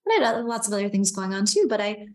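A woman's voice: mid-range voice, fast. A woman, a podcast guest, talking candidly in casual conversation, with lots of "like" fillers. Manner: candid, animated, frequent "like" fillers.

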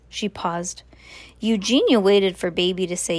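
A woman's voice: medium pitch, unhurried, a little mellow, no room sound. Woman reading a storybook aloud. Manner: casual asides with fillers. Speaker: parent reading to a child.

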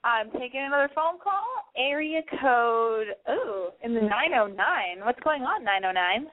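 A woman's voice: fairly high pitch, lively intonation, unhurried. A woman hosting a casual call-in advice radio show, chatty and frank, swearing freely. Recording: dry, phone-like narrow band.

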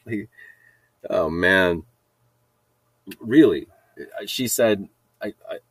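A man's voice: low voice, slow pace, pauses often, slightly rough, no echo. A middle-aged man telling a story in a rambling casual monologue, repeating himself and laughing at his own jokes. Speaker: podcast host telling a story.

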